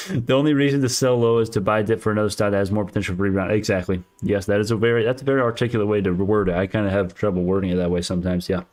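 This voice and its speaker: A man's voice: lowish voice, fairly even intonation, quick pace, darkish tone. A man hosting a stock market livestream, answering chat comments in casual, argumentative talk, often restarting his sentences.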